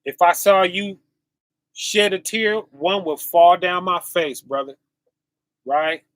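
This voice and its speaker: Slow bright-voiced male street preacher. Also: high-pitched, no echo. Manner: preachy, rhetorical, keeps asking "right?". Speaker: online preacher. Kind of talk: sermon to camera.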